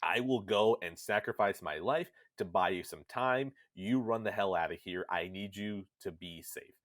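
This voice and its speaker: A man's voice: sits low, normal speed, fairly bright tone, no room sound, clean studio sound. A man quoting a loving monster mother, earnest. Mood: pleading. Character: loving shade mother sacrificing herself.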